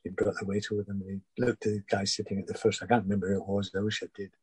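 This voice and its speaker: Older man, husky voice, low-pitched, halting and repeating himself, dry close sound. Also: flat delivery, a little mellow, no room sound, low-quality recording. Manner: halting, many restarts and repeated words. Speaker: former footballer guest. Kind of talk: reflective interview chat.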